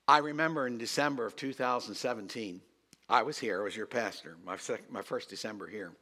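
A middle-aged man, a pastor, telling a story in a sermon and swinging from quiet asides to loud emphasis. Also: medium pitch, fairly quick, husky.

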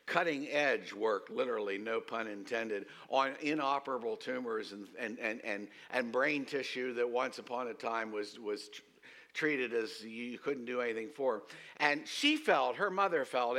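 A man preaching in a church, his voice bright and ringing. He leads the congregation in call-and-response. He swings between loud, emphatic declarations and hushed, low storytelling. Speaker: pastor. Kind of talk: sermon. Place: church sanctuary.

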